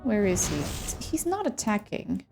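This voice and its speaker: A woman's voice: medium pitch, huge pitch swings, unhurried, music in the background. A woman chatting casually while streaming a game from home, talking to her chat and pets. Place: home room.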